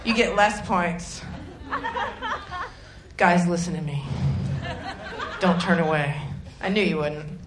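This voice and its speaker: A woman's voice: fairly low pitch, takes it slowly, pauses often. Rambling sarcastic woman comic on stage. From Detroit area, Michigan. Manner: rambling, self-deprecating, sarcastic asides. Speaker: stand-up comedian. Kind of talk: stand-up comedy set. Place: comedy club stage. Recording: echoey club with ambient noise.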